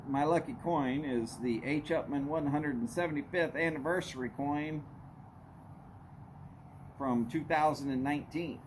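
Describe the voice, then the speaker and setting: Speaking at a measured pace in a fairly high voice, a male livestream host keeps things casual, welcoming viewers by name with a folksy "y'all" drawl. There's slight background noise.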